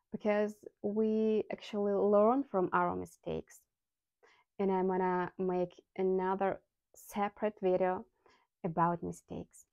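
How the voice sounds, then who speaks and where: A woman who is not a native English speaker, teaching English vocabulary in a scripted lesson with slow, careful enunciation of example sounds. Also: mid-range voice, darkish tone, no echo, muffled recording.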